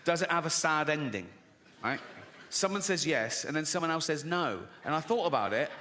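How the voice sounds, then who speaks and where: Stand-up comic, man, sardonic and crude, bright and slightly raised voice. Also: a little high, animated, moderate pace, slight background noise. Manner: sardonic, crude, breaks into laughter. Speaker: comedian. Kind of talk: stand-up comedy. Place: live stage before an audience.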